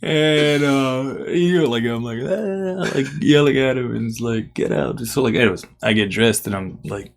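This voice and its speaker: A man's voice: medium pitch, moderate pace, hardly any pauses. Serbian-accented young man telling stories. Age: young adult. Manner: animated, swears and laughs while telling stories. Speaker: podcast guest, former college basketball player. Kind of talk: casual storytelling interview.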